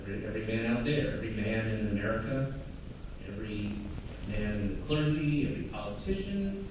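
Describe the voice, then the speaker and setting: On a large theatre stage, a man with a lowish, animated voice delivers live stand-up at a brisk clip, sardonic and conversational, dropping into mocking acted-out asides. He is recorded from far away, so the sound is echoey and full of audience noise and laughter.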